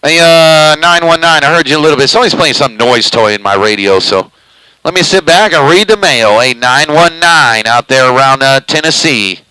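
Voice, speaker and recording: Bright, close-miked CB radio man. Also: on the high side, normal speed, poor audio. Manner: loose drawling talk, says he eats the microphone. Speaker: CB radio operator streaming live. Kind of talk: casual radio chatter. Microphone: very close to the microphone.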